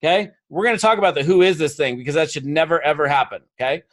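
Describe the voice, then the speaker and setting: A man delivers a live seminar, urging his audience into action with energy and a coaxing tone. His voice sits a little on the high side, and he slips into quick acted quotes while he tells his stories. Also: animated, a bit bright. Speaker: motivational speaker.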